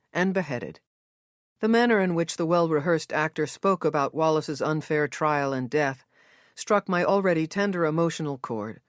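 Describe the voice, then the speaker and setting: A woman reading a mystery novel aloud in first-person, measured and steady. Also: sits low, no echo, clean studio sound. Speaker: audiobook narrator. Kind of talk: scripted first-person narration.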